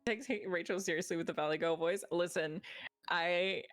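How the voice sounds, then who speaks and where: A woman's voice: lowish voice, fairly even intonation, normal speed. A woman co-streamer chatting casually during a game stream, rambling with lots of fillers and laughing often.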